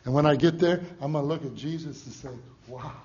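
A man preaching a sermon with emotion, swinging from hushed asides to loud shouts. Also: fairly high pitch, brisk. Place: church. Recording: echoey church room, dull lo-fi sound.

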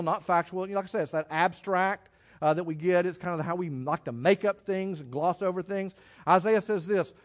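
A man preaching a sermon in a folksy, halting way, often restarting his sentences. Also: high-pitched.

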